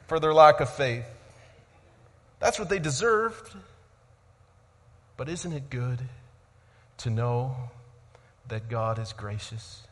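A man preaching a sermon as pastor, swinging between loud emphasis and quiet reflective passages. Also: medium pitch, takes it slowly, pauses often, big-room sound.

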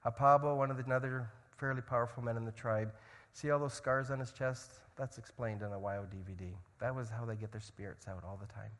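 A man preaching a sermon as a missionary, swinging from loud urgency to hushed storytelling. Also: medium pitch, steady tone, brisk, long reverb tail. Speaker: missionary speaker.

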